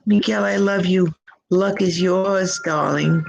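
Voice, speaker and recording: A woman giving live psychic tarot readings from home, gushing and affectionate with drawn-out words, speaking into a computer mic. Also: lowish voice, fairly even intonation, gravelly, faint music behind, poor audio. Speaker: psychic reader.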